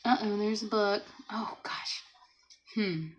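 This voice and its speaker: A woman hosting a casual livestream from home, chatting, laughing often and reading viewer comments aloud, and talking gently to a small child beside her. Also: medium pitch, fairly even intonation, slow, rough recording. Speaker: livestream host.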